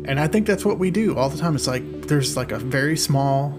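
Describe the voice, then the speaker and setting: A man's voice: on the high side, expressive, a little fast, over music. A man co-hosting a podcast in casual chat, rambling and repeating his words as he goes. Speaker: podcast co-host.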